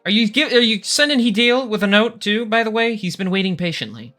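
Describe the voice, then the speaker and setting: A man's voice: high-pitched, animated, fairly quick, sharp tone, faint music behind. A man running a tabletop game as dungeon master, patiently explaining rules and teasing his players with dry jokes.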